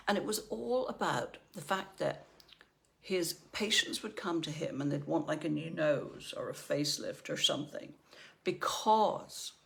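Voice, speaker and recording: A woman's voice: deep voice, gravelly. A middle-aged woman from Northern Ireland, a life coach giving a chatty motivational talk and often checking in with "right?".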